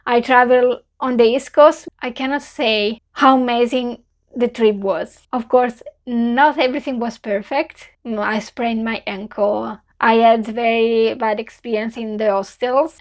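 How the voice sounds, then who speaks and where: Earnest young Italian woman, bright voice. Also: fairly high pitch. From Italy. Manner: earnest, heartfelt, simple non-native phrasing. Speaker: vlogger. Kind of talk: reflective farewell vlog.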